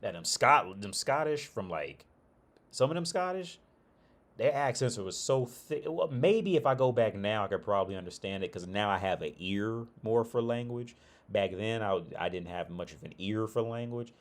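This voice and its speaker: A middle-aged man from Ohio talks in a deep, low voice. He chats loosely on a casual livestream, swearing freely and often restarting sentences. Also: expressive, normal speed. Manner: rambling, profane, loose restarts. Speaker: streamer.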